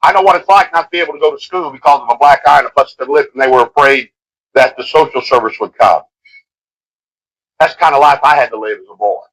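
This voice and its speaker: A middle-aged man preaching a sermon in an impassioned way, swinging from shouts to hushed lines. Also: mid-range voice, fast, rough recording. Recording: old cassette tape of a live sermon.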